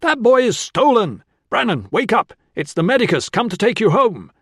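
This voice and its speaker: Give me a man playing an army doctor shouting desperately for help. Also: sits high, very animated, normal speed, slightly rough, dry recording, clean studio sound, voice pushed up, heavily acted.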